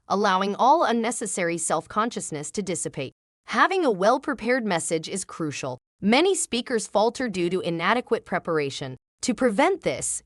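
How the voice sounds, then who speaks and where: A woman's voice: mid-range voice, dry recording, clean studio sound. A woman narrating a book summary in a polished, scripted reading without fillers.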